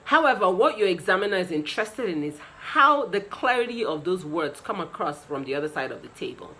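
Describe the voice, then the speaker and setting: Bright-voiced Nigerian woman teaching English. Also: fairly low pitch, sing-song, a little fast, poor audio. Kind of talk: direct-to-camera lesson.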